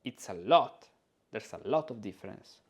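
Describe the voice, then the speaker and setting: A man teaching music composition in an informal lesson, singing rhythms and note syllables aloud to demonstrate his points as he thinks out loud. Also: fairly low pitch, animated, moderate pace, a crowd in the background.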